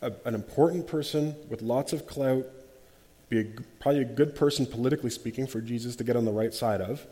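Animated man leading a Bible study. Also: medium pitch, fast, in a large hall. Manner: animated, acts out quotes, frequent restarts.

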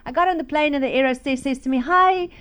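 A woman with a high, light voice delivers a lively testimony from the pulpit. She acts out the people in her story, dropping to a hush and then bursting into laughter. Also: rapid-fire. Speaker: speaker at a church. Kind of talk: testimony sermon.

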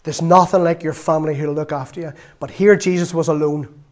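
A middle-aged man with a Northern Irish accent preaching a sermon, telling a lively story from his own family and acting out the voices in it. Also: on the high side, brisk. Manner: lively storytelling, acts out voices, laughs often.

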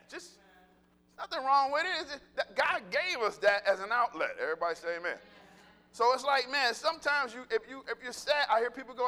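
A male pastor giving a lively, humorous sermon, talking conversationally with the congregation and laughing at his own jokes. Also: very high voice, normal speed. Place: church sanctuary. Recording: long reverb of a church hall.

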